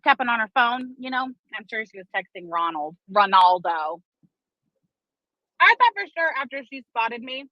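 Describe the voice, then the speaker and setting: An online commentator tells a long, gossipy story in a casual, dramatic and profane style, stretching out her fillers. Her voice is fairly high and sharp, and the recording sounds dull, lo-fi and dry, without echo.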